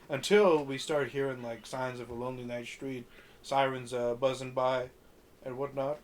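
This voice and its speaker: On a podcast, a man with a medium-pitched voice recaps a film casually at a normal speed. The chat is profane and rambling, full of fillers, and he acts out quotes while swearing freely.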